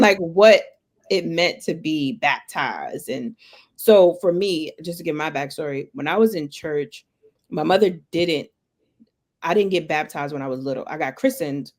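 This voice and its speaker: A woman's voice: low voice, normal speed, a little mellow. Curious woman hosting a book club chat. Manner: friendly and curious, asks long rambling questions. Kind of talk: casual interview questions.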